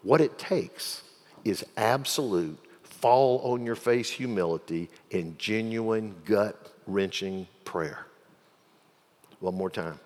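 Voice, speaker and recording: A male pastor preaching a sermon, swinging from quiet reflection to loud, fervent pleading. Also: fairly low pitch, slow pace. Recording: long hall reverb.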